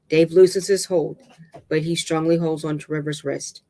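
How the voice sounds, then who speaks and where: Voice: medium pitch, little pitch movement, warm tone. A reader narrating a dramatic novel aloud, stumbling and restarting words now and then. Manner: halting reading with restarts and stumbles.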